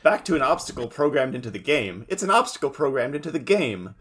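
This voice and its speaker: A man's voice: mid-range voice, very animated, fast talker, fairly bright tone, husky. A man co-hosting a podcast in casual chat, adding dry, sardonic remarks. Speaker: podcast co-host.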